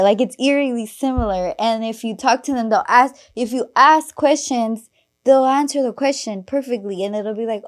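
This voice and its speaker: A young woman with a slightly raised pitch hosts a casual podcast chat. She tells stories in an animated, filler-heavy way, laughs often and drops in casual swearing. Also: measured pace. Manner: animated storytelling, laughs often, acts out quoted voices. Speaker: podcast host.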